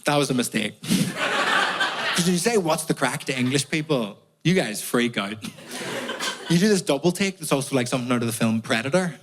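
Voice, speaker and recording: Belfast guy doing standup, mid pitch, swears a lot, noisy live recording. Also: expressive, brisk, pauses often. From Northern Ireland. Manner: swearing, storytelling. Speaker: stand-up comedian. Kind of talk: stand-up comedy set. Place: comedy club stage. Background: audience laughter.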